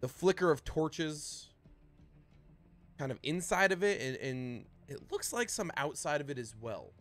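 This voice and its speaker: A man narrating a tabletop game as dungeon master, describing scenes with lively swings in loudness. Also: on the high side, unhurried, soft background music.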